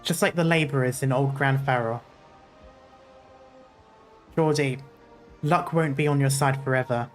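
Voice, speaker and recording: A man reading a video game's dialogue and narration aloud, earnest and steady with small slips. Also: medium pitch, a little slow, long pauses, soft background music. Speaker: gaming YouTuber.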